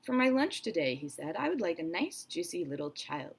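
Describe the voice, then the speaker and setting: A woman's voice: big pitch swings, brisk, vocal fry, a little hiss or hum. Woman doing a greedy gloating crocodile. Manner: gloating, loud and high. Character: greedy boastful male crocodile.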